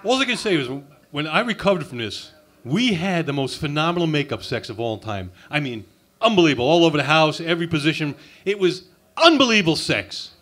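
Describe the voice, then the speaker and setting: A man working an open mic stage with a crude, abrasive insult routine. His voice sits a little high for a man, and he talks sarcastically into a handheld mic. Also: very animated, brisk, a bit bright. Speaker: stand-up comic. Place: comedy club open mic.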